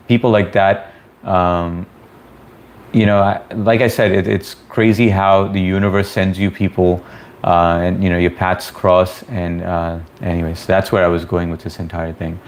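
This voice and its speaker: A middle-aged man, a streamer, casually telling a long story to his live chat, rambling with many fillers and restarts. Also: low voice.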